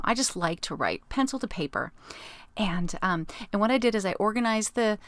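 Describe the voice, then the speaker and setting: A woman's voice: mid-range voice, no room sound. A middle-aged woman hosting her own podcast, chatting casually and rambling with lots of fillers. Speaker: podcast host. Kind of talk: casual solo podcast chat.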